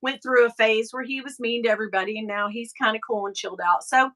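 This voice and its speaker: A woman with a Southern US accent hosting a casual live chat, animated and quick to laugh as she reads viewer comments. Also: on the high side, rough recording. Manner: chatty and animated, laughing often, breaks into mocking voices. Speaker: live show host.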